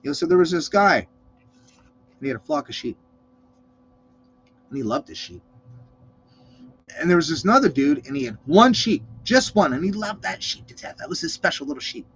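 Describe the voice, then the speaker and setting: Male host, slightly high voice, swears constantly, animated rant delivery, muffled lo-fi audio. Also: normal speed, pauses often, slight background noise. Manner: ranting, swearing, animated storytelling. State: cold. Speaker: show host. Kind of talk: casual profane monologue. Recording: slightly muffled dull recording.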